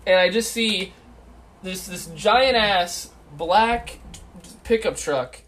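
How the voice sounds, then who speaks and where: A young man co-hosting a casual chat, telling a story in an animated way, acting out his own lines and swearing freely. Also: high-pitched, drawn-out words, pauses often. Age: young adult. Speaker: podcast co-host.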